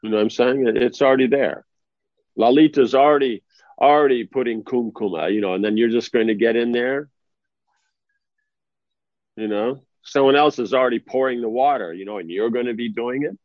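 A man giving an informal religious talk at a mid-range pitch. He speaks conversationally and often checks that his listeners are following. The recording is dry and a little dull, as if made on modest equipment. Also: brisk, no room sound. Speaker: spiritual teacher.

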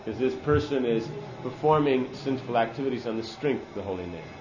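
A man's voice: mid-range voice, lively intonation, fairly quick, roomy sound, lo-fi sound, background noise. A man giving a sermon-style scripture class, earnest and emphatic, using Sanskrit terms.

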